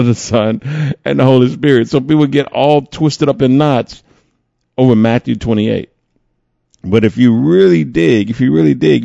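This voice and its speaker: A man's voice: fairly low pitch, gravelly, warm tone, no room sound, muffled recording. A man preaching a conversational sermon as pastor, with playful asides.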